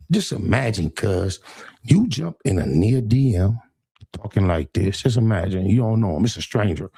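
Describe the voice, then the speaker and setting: A gravelly, husky-voiced man, taunting and mocking his viewers on a livestream in streetwise slang. His delivery is animated and swoops up and down, and he sometimes drops into sing-song rhyming jabs. The sound is close and dry, with no room around it. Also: fairly low pitch, no echo. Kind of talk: heated livestream rant.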